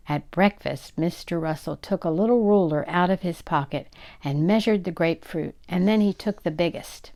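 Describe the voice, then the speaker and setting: An older woman reading a children's story aloud, with a low, gravelly voice. She reads expressively and gives each character a voice of its own. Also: normal speed, a little mellow.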